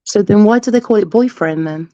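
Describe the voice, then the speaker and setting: A woman with a warm, mellow voice who chats casually and pushes back earnestly. The sound is dry and a little dull, like a lo-fi call. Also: medium pitch, fairly quick, no echo. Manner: earnest, protesting. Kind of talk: casual chat.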